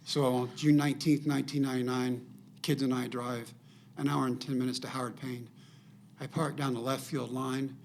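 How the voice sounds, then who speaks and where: An older man spins a personal story as a podcast guest, slipping into the voices of the people in it. His voice is gravelly, sits at an ordinary middle pitch, and carries faint background noise. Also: moderate pace. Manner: animated storyteller acting out quoted dialogue.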